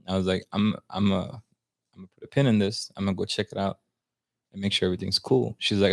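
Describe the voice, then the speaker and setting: A man's voice: sits low, fairly even intonation, fast talker, gravelly, a little mellow, no room sound, studio quality. A man in his twenties telling a long story in casual podcast chat, slangy and mixing in Spanish phrases. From United States, Salvadoran family. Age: 20s. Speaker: podcast guest.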